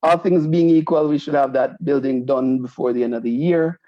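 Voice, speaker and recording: A man's voice: mid-range voice, fairly even intonation, moderate pace, no room sound. A man from Jamaica, hosting a community association show and chatting through announcements, often adding a questioning "right?". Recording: slightly muffled lo-fi recording.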